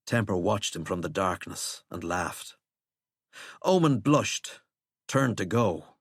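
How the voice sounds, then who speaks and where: A male audiobook narrator reading in a measured, scripted way, dropping low on the speech tags. His pitch moves a lot, and the recording is close and dry with no room sound. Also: lively intonation, husky, dry recording.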